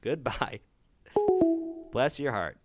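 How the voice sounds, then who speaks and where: Lively male streamer chatting casually. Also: mid-range voice, slow pace, no echo, soft background music. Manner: animated, thanks viewers, swears casually. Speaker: streamer hosting a dating call-in show. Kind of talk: casual live-stream chat.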